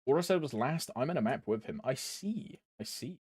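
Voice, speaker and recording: A man's voice: medium pitch, animated, normal speed, a little mellow, breathy edge, no room sound, clean studio sound. A young man streaming a game, chatting casually in a rambling way, laughing often and calling his viewers bro. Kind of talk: casual chat while gaming.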